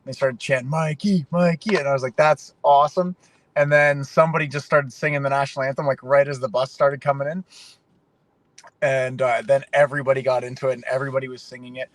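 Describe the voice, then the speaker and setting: A Canadian man, a fighter guest on a podcast, telling animated, emotional stories in casual conversation. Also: mid-range voice, fast talker, low-quality recording. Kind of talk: casual interview.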